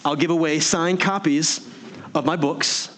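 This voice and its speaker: A man giving an energetic motivational keynote, full of rhetorical questions and audience prompts. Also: fairly high pitch, measured pace. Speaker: motivational speaker. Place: virtual meeting event.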